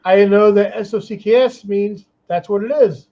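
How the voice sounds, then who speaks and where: A man's voice: sits high, moderate pace, lo-fi sound. A man in casual chat, rambling and chatty, with many restarts. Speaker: guest, comics artist.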